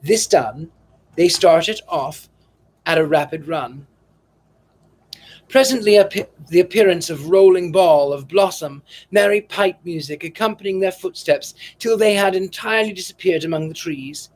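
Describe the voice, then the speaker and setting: A man narrating a classic novel with measured, dramatic storytelling. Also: sits high. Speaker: audiobook narrator.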